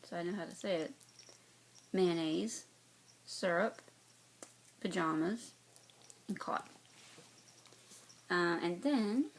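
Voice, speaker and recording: A woman's voice: fairly low pitch, creaky, rough recording. A woman from North Carolina with a light Southern accent, chatting casually to her viewers with lots of fillers and restarts. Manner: rambling, many fillers and restarts. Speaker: cross-stitch vlogger. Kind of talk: casual chat to camera.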